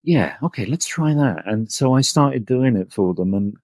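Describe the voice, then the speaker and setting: A middle-aged man, chatting as an actor guest in a relaxed interview, often restarting his phrases. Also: mid-range voice, moderate pace, dry recording. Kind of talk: casual interview chat.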